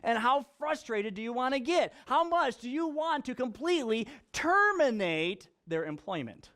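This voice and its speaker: A man with a notably high voice preaches to his congregation. He fires off rhetorical questions and slips into acted-out quotes. Joking asides keep the sermon light. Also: sing-song, normal speed, fairly bright tone. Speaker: pastor.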